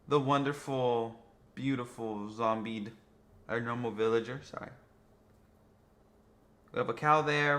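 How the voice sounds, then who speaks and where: A young man casually narrating gameplay footage, rambling and excitable, swearing freely. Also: mid-range voice. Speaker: gaming vlogger.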